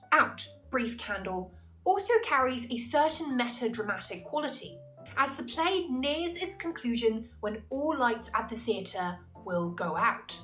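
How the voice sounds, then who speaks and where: A woman tutor explains a text in a measured, analytical way, and she slows down on the terms she wants to stress. Her fairly high voice rises and falls widely, with soft music underneath. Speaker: English literature tutor. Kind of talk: scripted explanatory narration.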